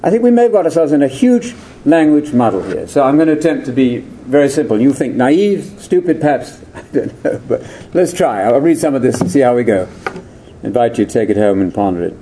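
A man's voice: mid-range voice, expressive, a little fast, dark tone, slight background noise. An older man giving a theological lecture, digressive and full of rhetorical questions.

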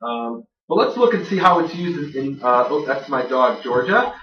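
A man's voice: medium pitch, expressive, normal speed. Man lecturing in an echoey room. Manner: conversational, self-deprecating, many fillers and restarts. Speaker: lecturer on biblical grammar. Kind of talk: classroom lecture with jokes. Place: room with a live audience. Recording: roomy, distant, dull lo-fi sound.

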